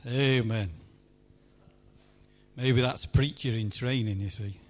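A man preaching a sermon at a church meeting, emphatic, swinging between loud pleading and hushed lines. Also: medium pitch, takes it slowly.

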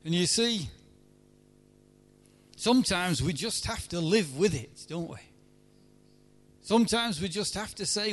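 A man preaching a sermon at a church meeting, emphatic, swinging between loud pleading and hushed lines. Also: high-pitched, lively intonation, measured pace, pauses often.

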